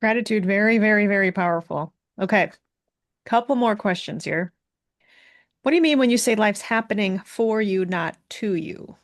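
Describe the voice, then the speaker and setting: A woman's voice: medium pitch, moderate pace, no room sound, clean studio sound. A woman hosting a podcast interview who keeps her replies short and asks the next question. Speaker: podcast host.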